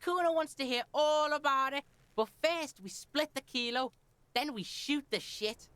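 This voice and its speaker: A man's voice: very high-pitched, measured pace, sharp tone, pitched above the performer's own voice, exaggerated voice. A man voicing a foul-mouthed, brash young boy who talks about himself in the third person. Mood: cocky.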